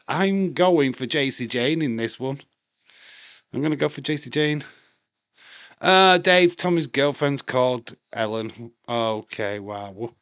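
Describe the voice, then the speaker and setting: A man's voice: medium pitch, smooth, no echo. Rambling man streaming wrestling. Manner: rambling, chatty, swears casually. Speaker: wrestling watch-along streamer. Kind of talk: casual live-stream chat. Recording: dry, slightly dull home mic.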